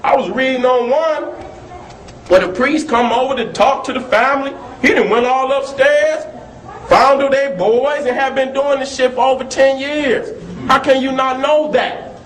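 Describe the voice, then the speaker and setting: A man's voice: very high voice, normal speed. A man talking heatedly and profanely, telling stories between laughs and rants. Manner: animated, profane, storytelling with laughs. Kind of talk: heated talk. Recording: echoey room with faint noise.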